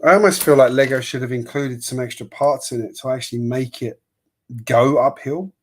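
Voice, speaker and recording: This is a man in casual livestream chat, voice sitting at a middle pitch. He rambles through opinions as he builds. Easy laughs break up his talk. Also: moderate pace, slight background noise. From Sydney, Australia. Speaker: livestream host building a toy kit.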